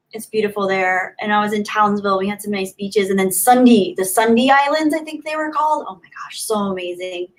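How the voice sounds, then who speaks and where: A woman hosting a casual livestream, chatting and laughing as she reads viewer comments aloud. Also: fairly high pitch. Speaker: livestream host. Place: home in Southern California.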